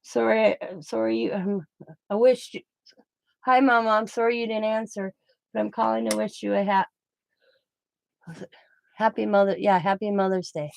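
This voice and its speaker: A woman voicing her young adult son leaving a halting voicemail. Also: sits high, fairly even intonation, creaky, no room sound, poor audio. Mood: sweet, flustered. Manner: halting, stumbling over words.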